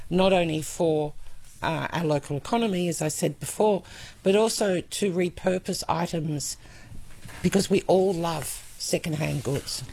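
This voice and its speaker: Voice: mid-range voice, vocal fry, a little mellow, breathy edge. A market organiser speaking earnestly in a radio interview, with many hesitations.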